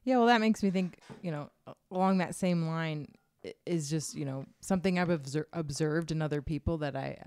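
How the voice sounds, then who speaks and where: Low-voiced woman, halting and thoughtful. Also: a little mellow, smooth. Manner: halting, many restarts, laughs easily. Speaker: podcast co-host. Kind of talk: casual advice chat.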